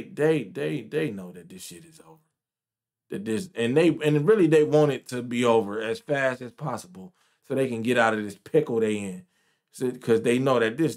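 A man delivers a heated reaction rant over news clips. He is profane and repeats himself, pushing his voice up and louder when he gets worked up. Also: mid-range voice. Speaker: commentator. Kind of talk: ranting reaction commentary.

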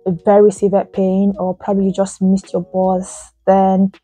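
A woman's voice: medium pitch, completely flat delivery, normal speed, dark tone, husky, soft background music. A young Nigerian woman with a Nigerian accent, chatting to camera and telling exasperated stories full of rhetorical questions. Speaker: vlogger. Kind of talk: casual chat to camera.

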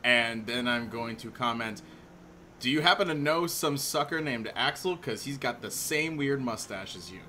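Male player, excitable and loud, faint background noise. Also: mid-range voice, normal speed. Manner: loud, excitable, laughs often. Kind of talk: in-character tabletop play.

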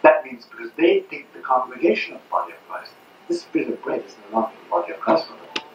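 A man's voice: medium pitch, a little hiss or hum. Older male lecturer, emphatic with rhetorical questions, heard distant and muffled in a roomy hall. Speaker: speaker at a public talk. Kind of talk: impassioned lecture to an audience. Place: hall at a 1992 public talk. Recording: roomy, distant, muffled old audience recording.

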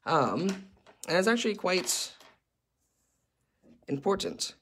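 A man's voice: mid-range voice, sing-song, measured pace, gravelly, long pauses, a little hiss or hum. A man facilitating a workshop, explaining a chart in a conversational way with frequent ums and uhs.

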